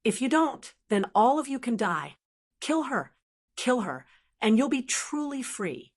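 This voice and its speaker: Woman doing a cruel male demon, mocking, cold commands, high-pitched, audiobook villain. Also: sing-song, unhurried, heavily acted. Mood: commanding. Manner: taunting, coldly commanding.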